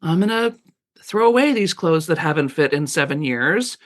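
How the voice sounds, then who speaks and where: A middle-aged woman, an author, guests on a radio interview, chatting casually and animatedly, often laughing and acting out little quoted voices. Her voice is deep and animated, at a moderate pace.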